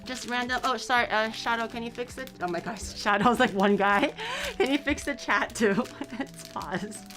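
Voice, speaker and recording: A woman's voice: on the high side, expressive, normal speed, music in the background. A young woman streaming, rambling casually about her day with swearing and laughs. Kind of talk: casual chat.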